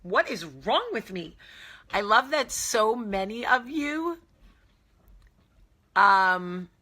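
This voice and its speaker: A woman's voice: medium pitch, sing-song, slow pace, bright, forceful tone. A woman with a New Jersey accent hosting a casual live chat, candid and jokey with blunt, salty asides. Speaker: host.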